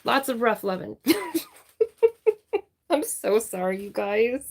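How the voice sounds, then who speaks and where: A woman hosting a crafting livestream, chatting casually, reading viewer names and thanking them warmly. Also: medium pitch, creaky. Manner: warm, chatty, apologetic, reading out names slowly.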